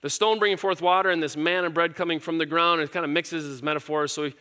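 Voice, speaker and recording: Man, middle-aged, pastor; high, bright voice, casual and earnest sermon. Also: steady tone, quick pace, smooth. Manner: casual and earnest, with fillers and repeated words. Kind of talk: conversational sermon.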